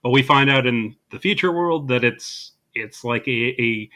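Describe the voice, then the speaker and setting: A man with a bright, forward voice co-hosts a casual movie podcast. He walks through the plot in an easygoing way and drops deadpan sarcastic asides. The tone stays conversational throughout. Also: medium pitch, moderate pace. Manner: dry sarcastic humor. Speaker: podcast co-host. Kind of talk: casual movie recap chat.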